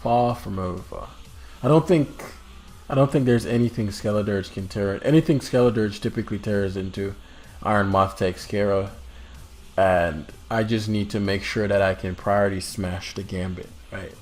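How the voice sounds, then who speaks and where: A man commentating his own competitive game in a casual, put-on British-sounding accent, swearing now and then with sudden loud outbursts. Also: fairly low pitch, moderate pace, faint music behind.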